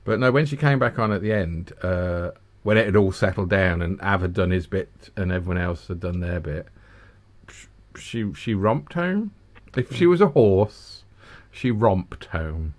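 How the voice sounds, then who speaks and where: Animated man repeating words, teasing. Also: deep voice, normal speed. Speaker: podcast co-host. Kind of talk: casual chat.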